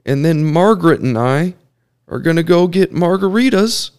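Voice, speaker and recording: A man imitating his elderly great uncle, a ladies' man in his seventies, with a lilting, drawn-out delivery. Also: fairly high pitch, expressive, darkish tone, clean tone, pitched above the performer's own voice. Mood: chirpy. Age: 70s. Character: old playboy great uncle, chirpy and drawling.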